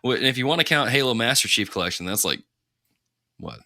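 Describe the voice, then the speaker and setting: A man's voice: mid-range voice, expressive, quick pace, bright, forceful tone, no room sound, studio quality. A man hosting a gaming podcast, chatting casually and upbeat. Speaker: podcast host. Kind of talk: casual chat.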